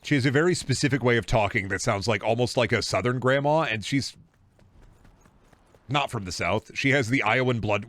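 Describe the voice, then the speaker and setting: A man's voice: medium pitch, fairly quick, a bit bright, no room sound. A young man with a Midwestern American accent, streaming a game and chatting casually with his chat in a rambling way. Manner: rambling, reading and answering chat.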